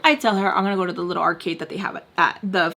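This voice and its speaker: A young woman telling a personal story in a casual storytime vlog, animated and profane, acting out the people she talks about. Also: lowish voice, rapid-fire, vocal fry.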